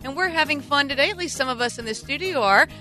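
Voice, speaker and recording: A woman's voice: sits high, animated, quick pace, bright, forceful tone, soft background music. A woman hosting a radio wine show, bantering playfully and teasing her co-host in the studio.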